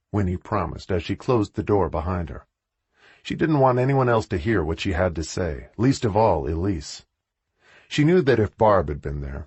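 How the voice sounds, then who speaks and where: A man narrating an audiobook in a low, husky voice with a lively, rising and falling delivery. He reads in a measured way, and the recording is dry and close with no room sound. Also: dry recording, dull audio.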